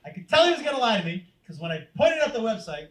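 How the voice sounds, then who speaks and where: A comedian in his forties telling a family story on stage in an animated, conversational way. His voice sits high for a man. He sounds distant in a roomy space with loud noise behind. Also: fast. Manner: animated, conversational, punchline-driven. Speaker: stand-up comedian. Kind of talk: stand-up storytelling.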